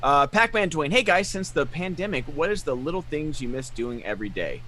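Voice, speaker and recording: A man's voice: fairly high pitch, fairly quick, slight background noise. Joking man reading chat questions. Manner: animated, joking, laughs often. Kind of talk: casual live-stream chat.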